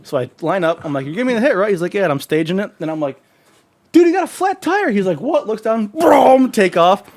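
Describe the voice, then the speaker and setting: Man, podcast co-host, profane storyteller, laughs a lot, slightly high voice, very lively pitch. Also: quick pace, no echo. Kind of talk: casual storytelling chat.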